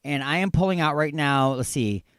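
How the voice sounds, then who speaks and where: A man from the Detroit suburbs, hosting a radio show in a loud, rambling, ranting way. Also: fairly high pitch, normal speed, clear, resonant tone, dry recording. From Detroit suburbs, Michigan. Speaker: radio host. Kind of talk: rambling comic radio talk.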